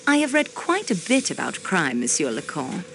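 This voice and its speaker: A composed young clerk turned sleuth, lively voice, faint hiss behind. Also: female voice, fairly low pitch, moderate pace. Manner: probing, composed, precise. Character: sharp young female railway clerk investigating. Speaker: game protagonist.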